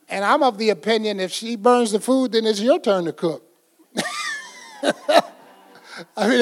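A man's voice: sits high, a little slow, long pauses. An older man preaching a folksy, conversational sermon, acting out little scenes as he goes. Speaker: pastor.

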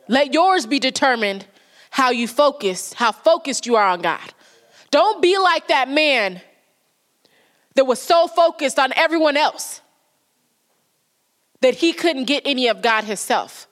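A woman's voice: sits high, a bit bright. A woman giving a sermon in church, speaking emphatically, repeating key lines and acting out quoted prayers and conversations. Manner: repetitive, emphatic preaching with acted quotes.

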